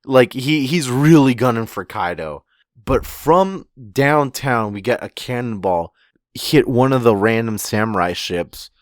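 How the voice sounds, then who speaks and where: Recapping a manga chapter, this podcast co-host keeps things relaxed and unhurried, with occasional swearing. His mid-range voice comes through a podcast microphone with no room sound and a clean studio quality.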